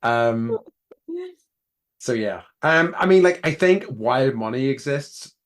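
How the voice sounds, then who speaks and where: A man's voice: medium pitch, expressive, takes it slowly. A man, co-hosting a podcast in loose, rambling casual chat and laughing easily. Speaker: podcast co-host.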